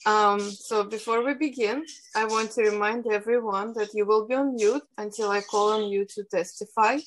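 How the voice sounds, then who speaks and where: A woman with a Russian accent moderating a council hearing over a video call, reading formal procedural instructions in a measured way. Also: medium pitch, steady tone, a little hiss or hum, low-quality recording. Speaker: hearing moderator, policy analyst.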